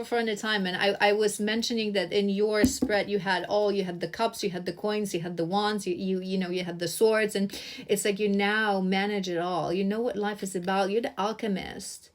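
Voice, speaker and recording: A woman doing a tarot reading to camera, effusive and earnest, often restarting her phrases and repeating herself. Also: mid-range voice. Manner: earnest, emotionally stirred. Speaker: tarot reader.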